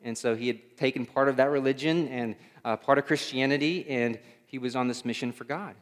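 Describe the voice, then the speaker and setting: Talking fairly quickly at medium pitch, a pastor delivers a sermon in a chatty style, asking his audience questions and repeating words as he hunts for them. The sound echoes as in a reverberant hall.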